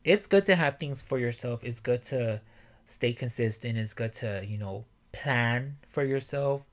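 A young man hosting a motivational podcast alone, swearing a lot and breaking into loud yelling. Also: medium pitch, a little slow. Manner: profane, animated, bursts into yelling. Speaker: podcast host.

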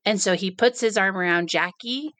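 A woman with a mid-range voice tells stories in casual talk. She acts out what other people said with lively delivery. The recording is dry and close, with no room sound. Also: mid-range voice, moderate pace, dry recording. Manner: animated, acts out quoted dialogue. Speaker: podcast co-host. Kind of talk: casual conversational storytelling.

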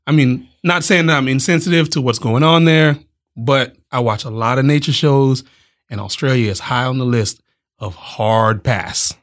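A man's voice: medium pitch, normal speed, fairly bright tone. Blunt, joking man in casual chat. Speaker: podcast co-host.

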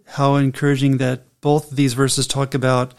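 A man co-hosting a faith podcast, calm and measured, reading and explaining scripture steadily. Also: mid-range voice, creaky. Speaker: podcast co-host and Bible teacher. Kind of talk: casual faith podcast chat.

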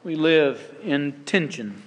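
A man reading scripture aloud in a church service, measured and solemn, with dramatic pauses. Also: a little high, animated. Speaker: pastor. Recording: long reverb of a large hall.

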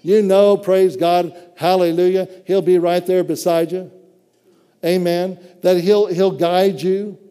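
Man, preacher, sermon, fervent, high voice, long hall reverb. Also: level tone, slow, mellow, clear, resonant tone. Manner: fervent, exclaiming praise between phrases.

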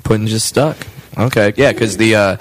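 A man's voice: lowish voice, fairly even intonation, moderate pace. A man co-hosting a casual podcast, asking playful questions and joking along. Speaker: podcast co-host. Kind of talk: casual chat. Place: home in Seattle.

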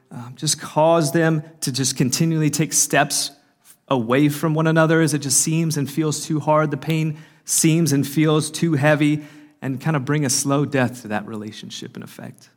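A man speaking earnestly at a marriage conference, giving a faith-based talk with frequent fillers and restarts. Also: fairly high pitch. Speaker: conference speaker and podcast host. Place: conference hall.

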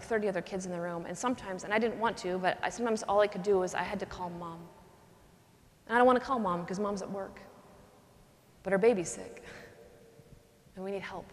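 A woman, a religious sister, giving a talk and telling a personal story, earnest and animated, with her voice dropping soft in tender moments. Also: medium pitch. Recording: long reverb from a hall.

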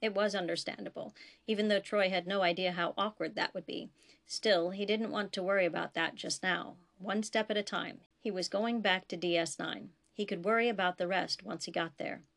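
A woman author reading her own science fiction story aloud in a steady, even narration. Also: on the low side, moderate pace, creaky. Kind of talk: audiobook narration.

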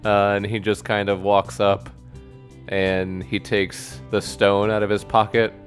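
A man's voice: on the low side, completely flat delivery, unhurried, faint music behind. A man playing in a tabletop game, casual, joking and blunt. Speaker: player.

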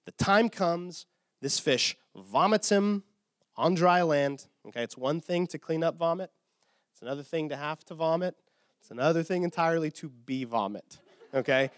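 A male pastor delivers a sermon in a casual, animated storytelling way, often checking in with the listeners. His voice sits fairly high and he sounds a bit tired from short sleep. The sound is dry and close, with no room reverb. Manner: animated storytelling, casual asides, repeated "okay?".

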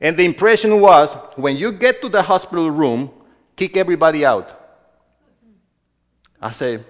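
A man preaching a sermon as a pastor, who moves between hushed storytelling and loud, emphatic exhortation. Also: a little high, animated, normal speed, pauses often. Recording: long reverb of a large hall.

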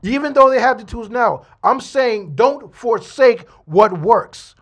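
A man's voice: very high voice, animated, unhurried, a bit bright. A man co-hosting a casual debate about ministry, talking emphatically and insistently.

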